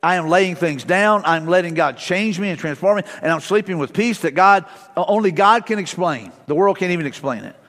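Middle-aged male pastor, fairly high voice, chatty sermon delivery, long hall reverb. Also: expressive, brisk, a bit bright. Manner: casual, storytelling, frequent fillers and restarts. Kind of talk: conversational sermon.

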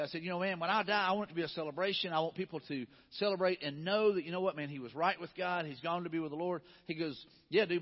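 A man preaching as a pastor in a casual, conversational way. He acts out voices as he quotes people. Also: sits high. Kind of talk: sermon. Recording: dull sound, long hall reverb.

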